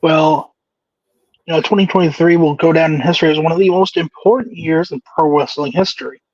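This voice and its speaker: A man co-hosts a casual wrestling talk and weighs the news in a measured, matter-of-fact way. His slightly high voice comes through dull and dry, with no room sound around it. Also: fairly even intonation, a little mellow, no echo. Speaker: co-host.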